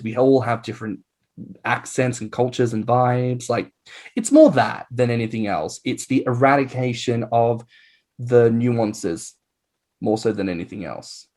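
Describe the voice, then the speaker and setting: Campy, animated Australian man. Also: mid-range voice. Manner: animated and campy, laughs often. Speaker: podcast host. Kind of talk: casual podcast chat.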